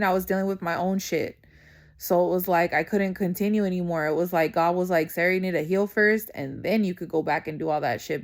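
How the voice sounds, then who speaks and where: In a fairly low voice, a young adult woman delivers a casual venting monologue straight to camera for her vlog. It's blunt, profane, and full of slang, with "you know what I'm saying" asides throughout.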